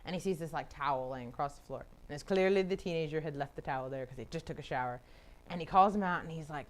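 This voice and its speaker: This woman's voice is deep and lively, and she talks fast while running an informal Bible study. Laughter comes often, "like" turns up constantly, and she performs the voices of those she quotes in a freewheeling, chatty way.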